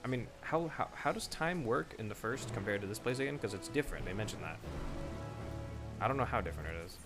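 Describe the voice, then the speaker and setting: A man's voice: lowish voice, lively intonation, fast talker, over music. A young man streaming a game, chatting casually in a rambling, profane way that often breaks off mid-thought. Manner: profane, rambling, self-interrupting. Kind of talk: casual live commentary while gaming.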